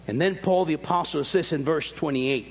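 A man's voice: moderate pace, slightly rough, in a large hall. A man preaching a sermon as pastor, swinging his voice up and down as he explains scripture. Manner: preaching with sweeping rises and drops in pitch.

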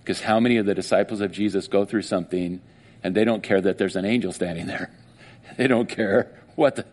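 A man's voice: on the low side, fairly quick. A man preaching a sermon, retelling a story with feeling and acting out the voices of its people. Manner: emotional, animated storytelling with acted-out voices. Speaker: pastor.

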